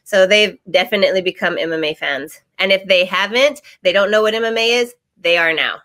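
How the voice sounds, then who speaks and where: Bright-voiced woman athlete being interviewed; cheerful, relaxed, laughs easily. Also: medium pitch, fairly quick. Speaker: professional fighter and teacher. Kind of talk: casual interview.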